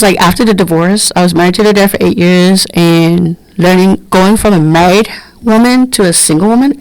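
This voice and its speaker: A woman's voice: medium pitch, no room sound, poor audio. A middle-aged woman, telling candid stories bluntly as a podcast host. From Brooklyn, New York. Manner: candid, blunt, animated storytelling. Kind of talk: casual storytelling monologue.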